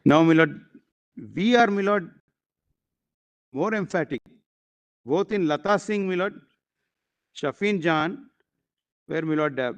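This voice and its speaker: A man with an Indian accent arguing a case as an advocate in court. He speaks formally, addresses the judges as "my lord" again and again, and pauses on fillers. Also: on the high side, clean tone, dull audio. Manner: addresses the bench as "my lord" constantly, with halting fillers.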